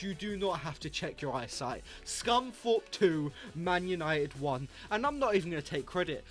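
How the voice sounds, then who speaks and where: Faint music runs beneath a young man's playful, hyped-up commentary on a football video game for his gaming YouTube channel. His naturally high voice shoots higher when something catches him off guard.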